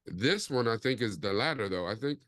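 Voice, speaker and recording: A man's voice: mid-range voice, animated, a little fast, fairly bright tone, dry recording, studio quality. A man hosting a casual podcast chat in a laid-back, rambling way, with plenty of fillers. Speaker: podcast host.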